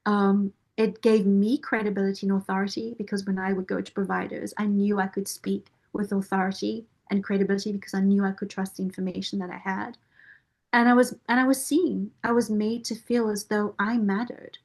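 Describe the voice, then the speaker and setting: A woman at an ordinary, mid-range pitch speaks in a heartfelt interview testimonial. Her delivery is earnest and measured, with deliberate pauses between phrases as she chooses her words. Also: level tone, darkish tone. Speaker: nonprofit board member and parent caregiver.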